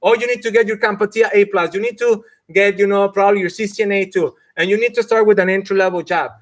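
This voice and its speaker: A career coach talks through a live stream with a fairly high voice. He is emphatic and laughs often, and he acts out mock quotes of the people he argues against. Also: steady tone, fast.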